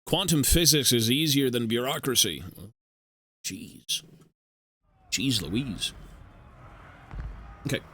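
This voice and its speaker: A man's voice: mid-range voice, animated, takes it slowly, long pauses, fairly bright tone. A man streaming, chatting casually and muttering to himself with offhand swearing.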